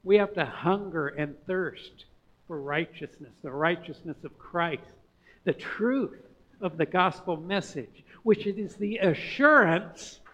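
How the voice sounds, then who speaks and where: A male pastor preaching a sermon in a conversational way, building to emphatic swells and dropping to hushed, quiet lines. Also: sits high, slow pace, lo-fi sound.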